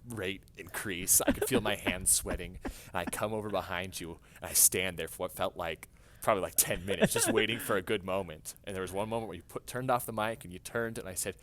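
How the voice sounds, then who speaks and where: A man in a casual podcast chat, earnestly recalling a memory and building to excited exclamations. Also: low voice, brisk.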